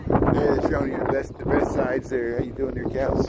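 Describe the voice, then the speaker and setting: Male vlogger walking outdoors, easygoing and chatty, with clear outdoor ambience behind. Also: mid-range voice, flat delivery, normal speed. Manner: chatty, jokey, talks to the animals. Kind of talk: casual walking vlog. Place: outdoor farm area at a city zoo. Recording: outdoor street noise. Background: outdoor ambience, birds, passing vehicles.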